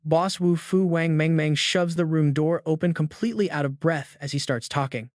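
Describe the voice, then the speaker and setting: A man's voice: on the high side, level tone, moderate pace, hardly any pauses, no echo, studio quality. A man narrating a comic recap with punchy, emphatic storytelling.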